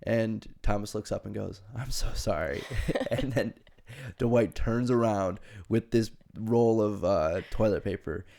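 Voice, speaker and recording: Young man with a low gravelly voice. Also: a little slow. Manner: animated, laughing storyteller. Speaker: podcast host. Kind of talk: casual storytelling chat.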